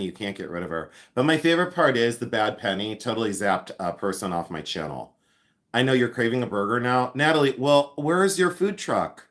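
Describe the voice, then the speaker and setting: A man's voice: mid-range voice, a bit bright. A man in his fifties hosting a casual livestream, rambling and joking as he chats with viewers by name. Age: 50s. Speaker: livestream host and jewelry collector.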